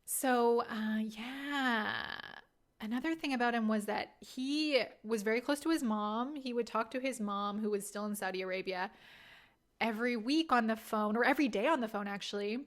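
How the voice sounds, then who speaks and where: A woman's voice: on the high side, normal speed. A woman in her thirties hosting a podcast, telling candid and self-deprecating stories in a casual way and laughing often. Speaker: podcast host. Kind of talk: casual storytelling monologue.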